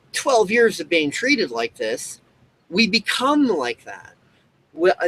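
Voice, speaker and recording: A man's voice: sits high, a bit bright, husky, poor audio. A man hosting a show, ranting in a rambling monologue full of fillers and restarts. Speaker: show host.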